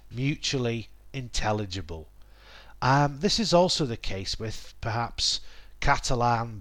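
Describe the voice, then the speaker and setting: Guy, middle-aged, doing a chatty language lesson, lots of ums and little asides, mid pitch. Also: fairly bright tone. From England. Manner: thoughtful, self-correcting, many "um"s and asides. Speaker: language podcast host. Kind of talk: reflective spoken lesson.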